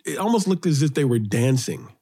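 A middle-aged man from Brooklyn, New York, guest in an interview, telling childhood stories in an animated way, his voice lifting when excited. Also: fairly quick, breathy edge. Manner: animated storyteller, rises in pitch when excited. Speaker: guest, children's author and poet. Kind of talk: storytelling interview.

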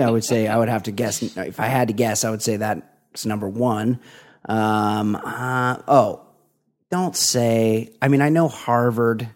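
A man co-hosting a podcast in casual chat, with crude deadpan humor and hesitant pauses. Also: fairly low pitch. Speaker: podcast co-host.

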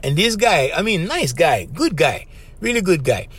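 A middle-aged podcast host from Hawaii speaks with a Hawaiian Pidgin-tinged accent in a slightly high, sing-song, fairly bright and slightly rough voice at a moderate pace. On his casual solo show he tells stories loosely, calls the listener "bro," and asks "right?"

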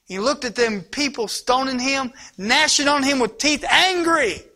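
A man delivers an impassioned sermon in a very high, bright voice. He swings from urgent, rising lines to hushed, almost whispered passages. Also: a little slow. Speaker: pastor.

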